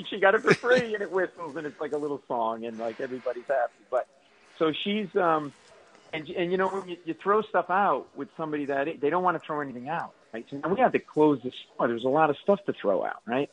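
A male comedian guest telling animated, self-mocking comic stories on a radio show. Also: a little high, fast, rough recording.

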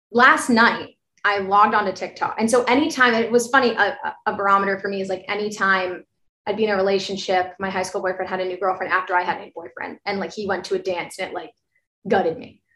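A woman's voice: mid-range voice, a bit bright. A young woman in her twenties, a podcast co-host, chatting casually over a video call in a rambling, apologetic way, full of fillers. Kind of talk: casual chat. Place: apartment bedroom, from the US. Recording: echoey room.

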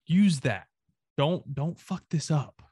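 A man's voice: fairly high pitch, animated, slow pace, dark tone, breathy edge, dry recording, clean studio sound. A man from the American South ranting emphatically, with swearing, as a co-host of a casual sports talk show.

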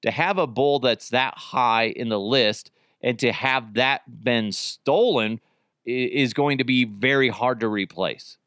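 A man's voice: mid-range voice, a little slow, fairly bright tone, no room sound, clean studio sound. A man hosting his own podcast in casual solo chat, crude and joking, often poking fun at himself. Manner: crude, joking, self-mocking. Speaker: podcast host.

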